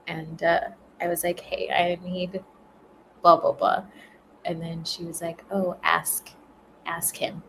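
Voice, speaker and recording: A woman's voice: fairly low pitch, little pitch movement, a little slow, gravelly, fairly bright tone, a little hiss or hum, poor audio. A woman chatting casually and rambling on a livestream, laughing often as she tells stories. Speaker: spiritual content creator.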